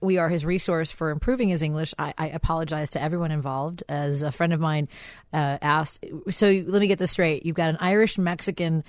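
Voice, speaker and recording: A woman's voice: deep voice, steady tone, a little fast, dry recording. Laughing woman radio host, dry studio. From Chicago. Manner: laughs often, playful, stumbles over words. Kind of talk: casual radio chat.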